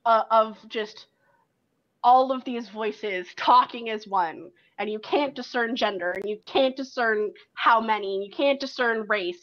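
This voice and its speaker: A woman game master narrating a tabletop game in second person, in a loose way full of likes and ums. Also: fairly high pitch. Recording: dull lo-fi recording.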